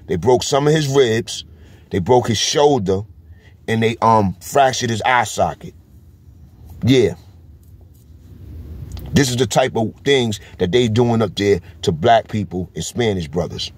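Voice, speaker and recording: This New York vlogger offers casual street commentary directly to the camera, punctuating every point with "you heard?". He speaks in a husky voice on the low side with a darkish tone.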